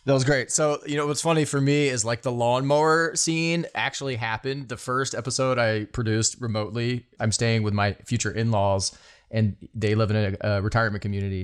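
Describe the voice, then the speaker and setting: A man hosting a casual interview, telling a story in a relaxed, conversational way. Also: mid-range voice, clean tone.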